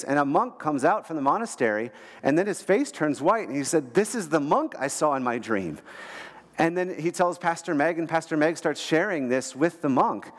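Guy preaching on stage, kinda high voice, tells stories all fired up, big echoey hall sound. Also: moderate pace. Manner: storytelling, emphatic, repeats words when excited. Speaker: guest speaker. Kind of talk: sermon.

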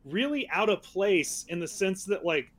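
A man co-hosting a casual movie-review podcast. His voice sits somewhat high for a man, and his delivery is sarcastic and loose, full of fillers and quick laughs. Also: sing-song, fairly bright tone. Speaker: podcast co-host.

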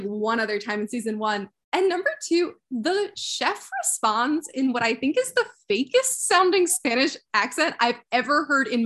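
Young woman cohost on a chatty podcast, kinda high voice, rambles and laughs a lot. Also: a bit bright. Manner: rambling, self-interrupting, laughs often. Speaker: podcast co-host. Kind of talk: casual chat.

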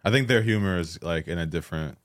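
A deep-voiced man chats on a podcast, hedging his words and leaning on "like" as he gropes for the right term. The sound is dry and close, with no room around him. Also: no echo. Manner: hedging, halting, heavy use of "like". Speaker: podcast co-host. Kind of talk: casual podcast chat.

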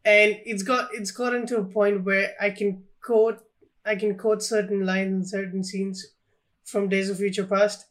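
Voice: mid-range voice, little pitch movement, unhurried. A podcast co-host in casual film chat who teases and questions the other host.

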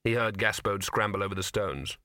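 A man narrating a comic fantasy novel as an audiobook reader, in a dry, measured way. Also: fairly low pitch, bright, forceful tone, no echo. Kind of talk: scripted narration.

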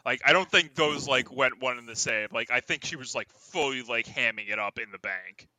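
A man's voice: medium pitch, moderate pace, bright, forceful tone, no echo, poor audio. A man casually discussing a movie, full of "like" fillers and sardonic jabs at the plot. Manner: filler-heavy, sardonic, picks apart the plot. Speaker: podcast co-host.

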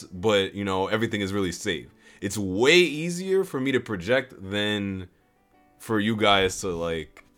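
A young man talking casually to his viewers with lots of restarts, standing some distance from the mic. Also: lowish voice. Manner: animated, rambling, lots of restarts. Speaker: vlogger. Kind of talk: casual chat to camera. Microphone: stands away from the mic.

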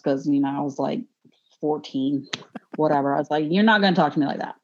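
In a laid-back podcast chat captured as muffled lo-fi audio, a woman with a low voice talks a little fast. Her animated story comes out blunt and profane, punctuated by her own laughter.

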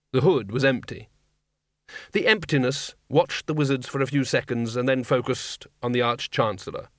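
A man narrating a comic fantasy audiobook in a measured, dry storytelling manner. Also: medium pitch, fairly bright tone, dry recording.

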